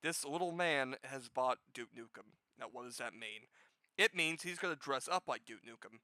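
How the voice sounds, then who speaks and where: A man hosting a gaming news show with casual commentary, profane and sarcastic, jumping from loud outbursts to low muttering. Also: moderate pace, clean tone, no room sound, rough recording.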